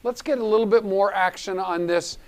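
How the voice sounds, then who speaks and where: Upbeat male charity auction host with a smooth voice, pushing for bids. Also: high-pitched, normal speed. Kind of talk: live charity auction hosting.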